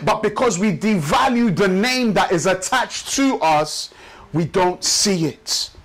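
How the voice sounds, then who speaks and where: Male pastor with a high voice, rhythmic repetitive sermon delivery. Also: low-quality recording. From Nigeria. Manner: rhythmic preaching with repeated phrases, slows for emphasis. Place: church service.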